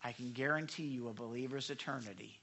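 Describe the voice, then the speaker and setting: A man preaching a sermon as pastor, emphatic and swinging between loud and hushed delivery. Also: medium pitch, fast, vocal fry, husky.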